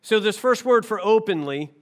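Impassioned high-voiced male preacher. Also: animated, normal speed. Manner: impassioned, rising to forceful emphasis then dropping low. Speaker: pastor. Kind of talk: sermon. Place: church sanctuary.

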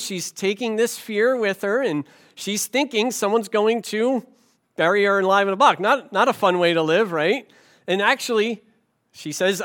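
A man's voice: sits high, a bit bright. A middle-aged male pastor preaching a sermon, telling a story with animation and asking rhetorical questions.

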